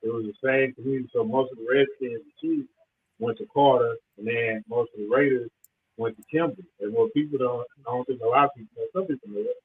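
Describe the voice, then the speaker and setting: A man's voice: medium pitch, quick pace. A man, a former player, telling rambling stories from the past in an easygoing, casual way. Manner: laid-back, rambling reminiscence. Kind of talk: casual storytelling. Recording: tinny phone line with faint noise.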